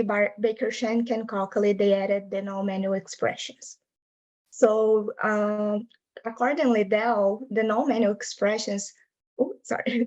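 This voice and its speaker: A young woman presents linguistics research remotely in an academic setting, her medium-pitched, darkish voice coming through dull audio. She explains things patiently, with phrasing typical of a non-native English speaker.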